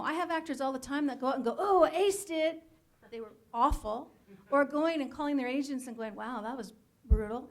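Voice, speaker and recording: A woman casting director giving blunt, frank advice to actors in a panel talk, laughing now and then. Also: high voice.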